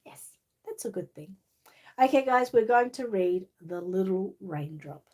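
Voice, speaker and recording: A warm, lowish voice with lively intonation belongs to an Australian woman hosting a livestream, speaking a little slowly. Her chat is casual, drowsy, rambling, and packed with fillers, and she goes on to read a children's storybook aloud.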